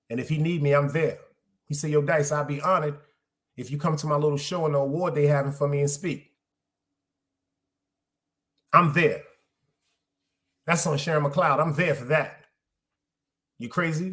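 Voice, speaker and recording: A middle-aged man, hosting a podcast in loose, streetwise solo chat, repeating phrases for emphasis. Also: on the high side. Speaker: podcast host. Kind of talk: casual solo livestream chat.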